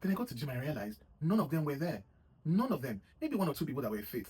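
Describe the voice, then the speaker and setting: Fast-talking man rambling with frequent asides. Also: on the high side, very animated, a little mellow, slightly rough, rough recording. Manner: rambling, full of "you know what I mean" asides. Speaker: vlogger giving gym advice. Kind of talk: casual motivational talk to camera.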